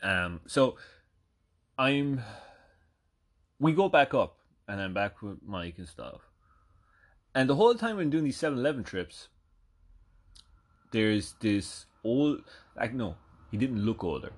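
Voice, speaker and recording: A husky Irish man in his thirties telling a casual story with a lively, swinging delivery. He rambles, swears freely and keeps asking "right?" as he goes. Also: on the low side. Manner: rambling, profane, asks "right?" often. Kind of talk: casual anecdote.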